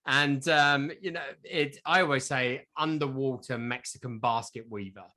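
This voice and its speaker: A southern English man co-hosts a relaxed comic chat. He rambles and plays with silly ideas. His voice is bright and forward, at a middle pitch. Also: normal speed. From southern England. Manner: rambling, playful, sings silly jingles. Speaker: podcast co-host.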